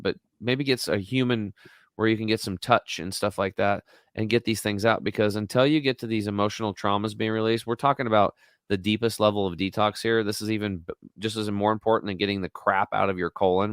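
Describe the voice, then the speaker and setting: Male guest, 40s, low pitch, blunt and emphatic storyteller, dry mic. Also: steady tone, a little fast, clean tone, dry recording. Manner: emphatic, rambling, blunt with mild swearing. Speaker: podcast guest. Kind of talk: casual storytelling chat.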